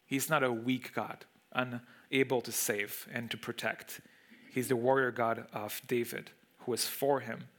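A man's voice: medium pitch, little pitch movement, a little slow, fairly bright tone. A man speaking English as a second language, preaching an expository sermon to a room, emphatic and full of rhetorical questions. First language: not English. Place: room with a congregation.

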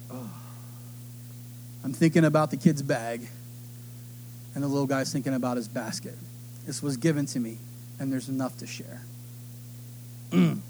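A middle-aged man preaching a sermon, telling stories with animated delivery and acting out the voices of others. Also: on the high side, slight background noise. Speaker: pastor.

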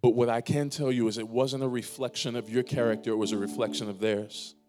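A man pastor preaching a sermon in a church, building to emphatic, louder lines and dropping to quiet, drawn-out pleas. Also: medium pitch, steady tone. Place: church sanctuary.

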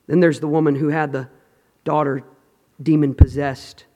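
Impassioned high-voiced male preacher in reverb. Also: fairly even intonation, normal speed. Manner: impassioned, swinging from shouts to hushed tones; reads scripture aloud in dramatic bursts. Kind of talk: sermon.

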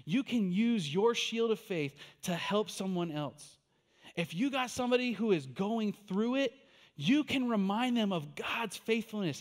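A man with a notably high voice delivers a sermon like a conversation with his church. He tells a personal story with animated, quoted back-and-forth, then turns to encouraging the listeners. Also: normal speed. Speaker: pastor.

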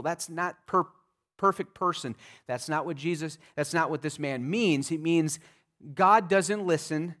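A pastor preaching a sermon in an emphatic, conversational way, with frequent restarts and vivid asides. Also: male voice, fairly high pitch, unhurried, fairly bright tone.

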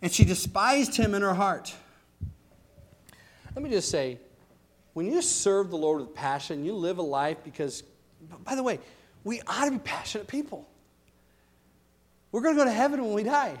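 A middle-aged male pastor preaches with passion, his voice pitched high for a man. He punches key lines loudly, then drops to quiet, earnest asides. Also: expressive, moderate pace, pauses often. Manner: passionate, swinging from loud to hushed. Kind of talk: sermon.

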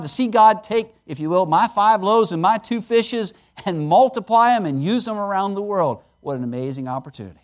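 Lively high-voiced male preacher. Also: a little fast, few pauses. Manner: animated, conversational, emphatic with playful asides. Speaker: guest preacher at a missions conference. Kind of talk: sermon. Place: church service.

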